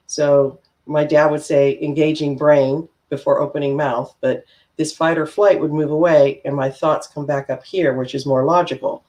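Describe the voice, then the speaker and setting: Middle-aged woman chatting on a panel, calm and thoughtful, sharing her own experiences. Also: low-pitched. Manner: calm, reflective storytelling. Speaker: panel guest. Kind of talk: casual panel discussion.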